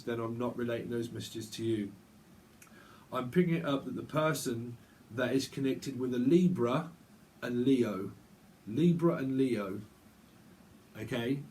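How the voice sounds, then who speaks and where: Man, casual tarot reader, rambling and chatty, faint hiss behind, mid-pitched voice. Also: darkish tone. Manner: rambling, chatty, quick asides and self-interrupting laughs. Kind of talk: casual monthly tarot reading.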